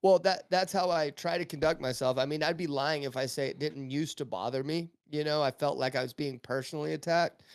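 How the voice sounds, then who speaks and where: A man's voice: a little high, a little fast, few pauses, no echo, studio quality. A man telling stories as a guest on a casual podcast, with many restarts. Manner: storytelling, animated, many restarts.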